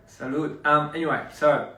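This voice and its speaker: A young man chatting casually with viewers on a livestream, relaxed and halting, with lots of fillers and restarts. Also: a little high. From Australia. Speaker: livestream host. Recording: roomy echo, distant mic, faint noise.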